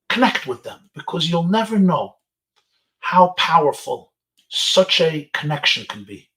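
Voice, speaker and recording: This man's voice sits on the high side and has a fairly bright tone. He is a rabbi inspiring teenagers through a webinar video call, weaving Yiddish and Hebrew expressions into his stories.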